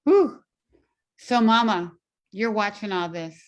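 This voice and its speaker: Low-voiced woman host asking gently. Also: fairly even intonation, normal speed, lo-fi sound. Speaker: talk-show host. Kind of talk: interviewing guests.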